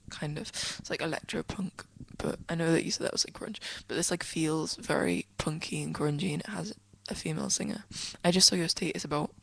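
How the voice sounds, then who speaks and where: A woman's voice: lowish voice, creaky, husky, low-quality recording. Rambling, giggly teenage girl vlogging. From England. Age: teens. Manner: rambling, giggly, self-interrupting, breaks into soft whispery asides. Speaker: vlogger answering a friend's questions. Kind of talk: casual chatty vlog. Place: indoors, at home, sitting on a desk.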